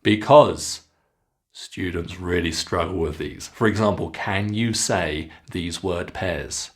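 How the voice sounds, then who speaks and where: A man with a British English accent teaching pronunciation, modelling sounds slowly and clearly for learners to repeat. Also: deep voice. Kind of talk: scripted pronunciation lesson.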